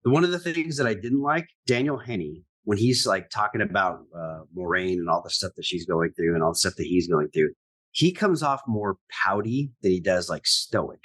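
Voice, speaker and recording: Chatty podcast dude, voice bouncing up and down a lot. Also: male voice, deep voice, normal speed. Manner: animated, chatty, acts out quotes. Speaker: podcast co-host. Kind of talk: casual chat.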